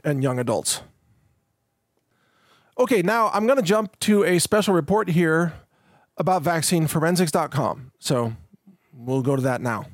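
A man hosts his own podcast in a loose, rambling monologue. He repeats words, breaks off mid-thought and chuckles between points, and his voice sits a little high. The recording is dry and close, with no room sound. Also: dry recording. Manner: rambling, self-interrupting with repeated words and restarts. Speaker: podcast host. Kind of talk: casual solo podcast monologue.

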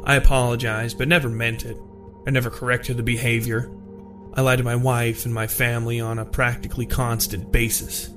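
A man voicing an adult male killer, reading out his confession in a slow, flat, measured way. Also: medium pitch, close to an everyday voice. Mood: cold, detached. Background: music.

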